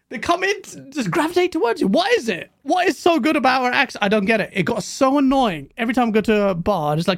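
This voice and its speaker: A British man, a guest on a gaming podcast, telling animated stories in casual chat and swearing freely. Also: extremely high pitch, fast, few pauses, no echo, clean studio sound.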